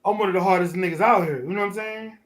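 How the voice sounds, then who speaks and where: Animated New man telling a story. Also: high voice, rapid-fire. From Fort Greene, Brooklyn. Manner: animated, profane street storytelling. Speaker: guest. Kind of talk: casual storytelling.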